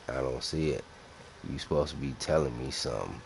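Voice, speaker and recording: Here a male gaming streamer in his thirties talks a little fast in a gravelly bass voice, with slight background noise behind him. His casual gameplay commentary to chat is profane and teasing, heavy on trash talk.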